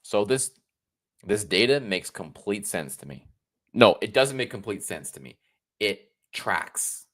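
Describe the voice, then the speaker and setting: A man's voice: on the low side, very animated, a little slow, fairly bright tone. A man in his thirties from the United States, giving sarcastic political commentary on a solo livestream, often restarting his sentences. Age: 30s.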